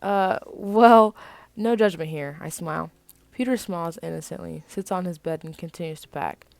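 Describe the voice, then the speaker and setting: A woman from the United States reads her own first-person fiction with a fairly low, gravelly voice. She drops into casual asides between passages, and the sound is close and dry. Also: moderate pace, no room sound. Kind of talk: first-person story reading.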